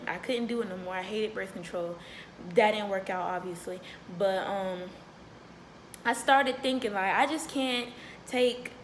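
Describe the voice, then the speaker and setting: A woman's voice: a little high, fairly bright tone, slight background noise. A young woman telling a personal story to her viewers in a candid, chatty way, full of fillers. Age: young adult. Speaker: vlogger. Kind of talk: casual storytelling to camera.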